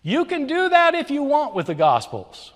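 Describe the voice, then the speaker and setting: A man's voice: extremely high pitch, huge pitch swings, moderate pace. Male debater, emphatic and lecturing, reverberant hall. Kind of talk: formal debate speech.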